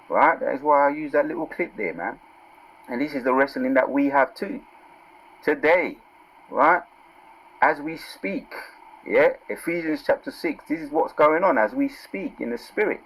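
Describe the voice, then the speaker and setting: A man teaching from scripture in a casual sermon, reading verses out slowly and with force, then dropping into low asides and asking "yeah?" and "right?". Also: expressive, poor audio. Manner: calls out "yeah?" and "right?" to listeners. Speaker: preacher.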